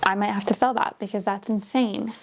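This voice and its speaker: A woman chatting casually as she unboxes books, gushing, gasping and dropping into soft whispers. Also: mid-range voice, steady tone, a little fast, slight background noise. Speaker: book vlogger.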